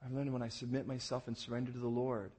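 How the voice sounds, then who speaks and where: A man in his thirties preaching a sermon, telling stories in an animated way and acting out voices, going from hushed to loud. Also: medium pitch, fast, husky. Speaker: pastor.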